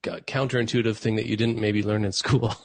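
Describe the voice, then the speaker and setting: Male podcast host: low, gravelly, easygoing interviewer, dry close sound. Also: flat delivery, a little fast, a little mellow, no echo. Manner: easygoing interviewer, prompts guest with questions. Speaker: podcast host, naturopathic doctor. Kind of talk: casual podcast conversation.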